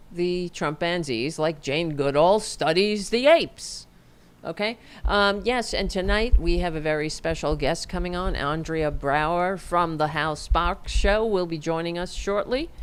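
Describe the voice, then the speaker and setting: A middle-aged woman hosting a casual political livestream, animated and sarcastic, swearing freely. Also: lowish voice. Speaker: host.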